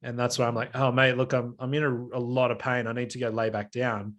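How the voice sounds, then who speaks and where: A man's voice: medium pitch, flat delivery, a little fast, a bit bright, dull audio. A man, co-hosting a podcast in casual chat, telling stories and acting out the lines of the people in them. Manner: storytelling with acted-out quotes. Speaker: podcast co-host.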